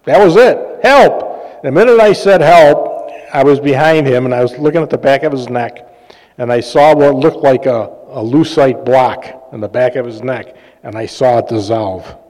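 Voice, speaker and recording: Man, pastor, sermon, mellow tone, chatty and jokey, hall reverb. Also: mid-range voice, steady tone, normal speed. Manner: conversational, jokey, fillers and self-laughs. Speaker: pastor and healing minister. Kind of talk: sermon with personal stories. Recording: long reverb of a large hall.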